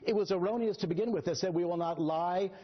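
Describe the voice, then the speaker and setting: Man, TV guest, rapid-fire talk, husky, sarcastic, talks over the host, dull lo-fi broadcast sound. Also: sits high. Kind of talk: heated TV debate.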